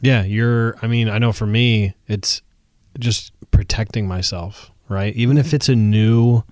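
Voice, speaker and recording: A man's voice: fairly low pitch, fairly even intonation, measured pace, darkish tone, no echo, clean studio sound. A man co-hosting a podcast, joking playfully in casual chat. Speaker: podcast co-host.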